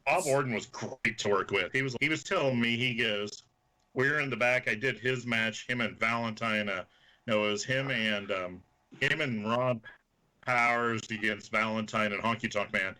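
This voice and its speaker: A man's voice: mid-range voice, moderate pace, sharp tone, rough recording. A man who once refereed wrestling, a guest on a radio chat, telling long rambling stories. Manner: rambling, chatty storyteller.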